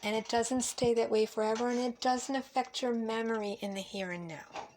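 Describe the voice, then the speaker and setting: A woman's voice: fairly high pitch, steady tone, normal speed, darkish tone, slight background noise. Woman, home cooking vlog, blunt, emphatic, swears freely, faint kitchen clicks behind. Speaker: vlogger. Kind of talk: casual cooking vlog with opinionated talk.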